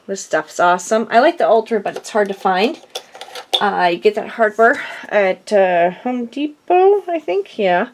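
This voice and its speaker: In a relaxed chat from her home craft studio, a middle-aged woman speaks in an animated mid-range voice at an unhurried pace, with slight background noise. The crafting vlogger rambles a bit breathlessly, chatty and self-deprecating.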